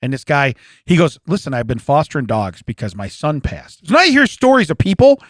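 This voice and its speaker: Animated, fast-talking man telling stories. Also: on the high side, no echo, clean studio sound. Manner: animated, laughs often, acts out quotes. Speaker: podcast co-host. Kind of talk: casual storytelling chat.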